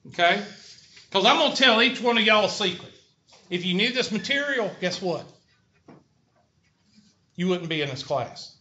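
Speaking in a high, pushed, bright voice, a middle-aged Southern American man lectures his college class bluntly and folksily. He throws questions out to the students, captured in a lo-fi, echoey classroom recording.

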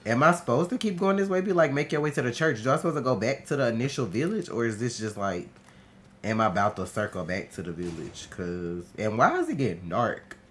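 A man streaming a horror game, talking to himself in casual, profane, excitable commentary. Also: on the low side, a little fast, a little hiss or hum. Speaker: gaming streamer.

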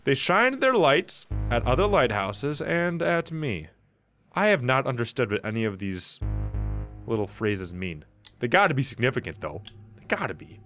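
A man giving casual let's play commentary, animated and reading game lines aloud at a desk mic. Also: medium pitch, moderate pace, soft background music.

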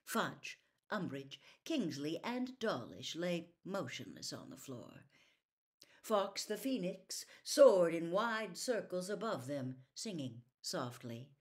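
A woman reading a novel aloud in an expressive storytelling manner, dropping softly for quiet lines. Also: deep voice, a little slow. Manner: expressive, soft-spoken character reading. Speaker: audiobook reader.

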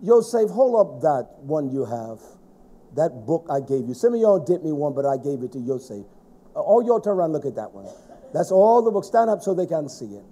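A middle-aged man preaching a stern, scolding sermon to a congregation, rising to shouts at times. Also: a little high, very animated, brisk.

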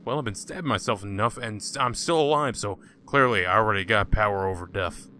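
A man's voice: on the low side, a little fast, sharp tone, slight background noise. A man hosting a casual gaming let's-play, joking sarcastically and talking back to the game's characters. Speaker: gaming channel host.

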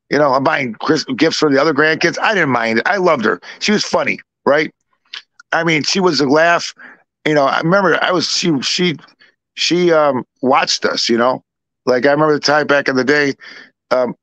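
A man's voice: a little high, fairly bright tone, no room sound. A middle-aged man telling a rambling family story in casual chat, acting out the voices of the people in it. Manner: rambling, repeats himself, acts out both sides of dialogue. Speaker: podcast co-host.

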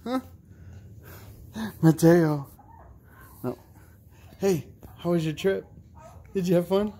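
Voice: mid-range voice, slow, warm tone. A young adult parent in a home video, talking to babies in sing-song, encouraging baby talk.

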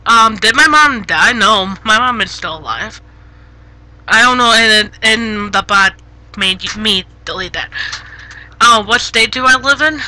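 A woman streaming live on a headset, chatting casually with viewers, giggly and easily flustered, gently scolding chat when it gets rude. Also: fairly high pitch, animated, a little slow, rough recording. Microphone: gaming headset.

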